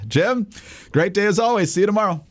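A man's voice: high-pitched, brisk. A man co-hosting a political podcast, commenting in a wry, dismissive way and reading the show's sign-off. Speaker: podcast co-host.

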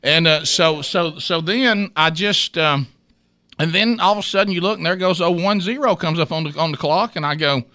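A man's voice: a little high, moderate pace, sharp tone, no room sound. A man hosting a morning radio show, rambling through a funny story and acting out the quotes with laughter. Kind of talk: casual morning radio chat.

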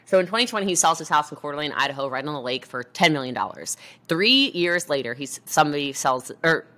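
A woman's voice: low voice, lively intonation, quick pace, bright, forceful tone. A woman talking with energy on a motivational chat show, emphatic and acting out quoted voices as she goes. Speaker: guest entrepreneur. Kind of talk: motivational conversation.

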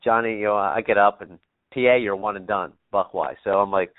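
A man's voice: lowish voice, steady tone, a little fast, no echo. Rambling man on a tinny line. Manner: rambling, many fillers, swears freely. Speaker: podcast guest, bow hunter. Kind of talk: casual storytelling. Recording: tinny phone-like remote line.

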